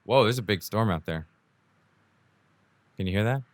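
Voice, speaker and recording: A young adult podcast host with a lowish, animated voice rambles at a moderate pace through a casual solo monologue, recorded with no echo on his new home mic. He's indoors at home during a rainstorm and frequently laughs at himself.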